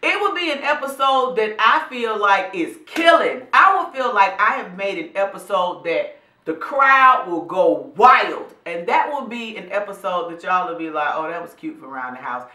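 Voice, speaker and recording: Animated, bright-voiced woman vlogger in an echoey room. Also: mid-range voice, unhurried. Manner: animated, preachy, addresses viewers as y'all and honey. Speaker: vlog host and professional speaker. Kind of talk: motivational casual talk to camera.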